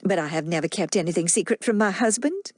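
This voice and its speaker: Speaking fast, a woman plays an earnest, easily flustered young wife and mother with a gentle manner, raising her pitch slightly above her own. The studio-quality recording has no echo, and her voice stays close to everyday speech.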